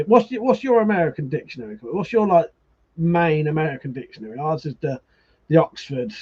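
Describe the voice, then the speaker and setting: A man's voice: a little high, darkish tone, husky, highs cut off. Sweary, laughing man. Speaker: livestream host. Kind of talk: casual live-stream chat.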